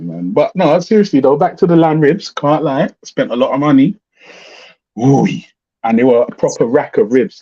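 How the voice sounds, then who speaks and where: A middle-aged livestream host with a mid-range, slightly rough voice rants casually to his chat. He's blunt and swears as he tells animated stories, all captured in muffled, lo-fi livestream audio.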